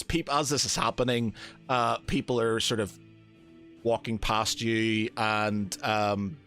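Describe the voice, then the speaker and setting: A man's voice: on the low side, fairly bright tone, smooth. A man from Northern Ireland running a tabletop game as game master, hesitant and full of fillers.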